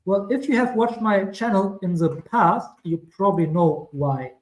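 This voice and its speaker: A man's voice: high voice, lively intonation, moderate pace, reverberant, poor audio. A man with a German accent giving casual crypto chart commentary, rambling and correcting himself with chatty asides. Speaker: crypto streamer.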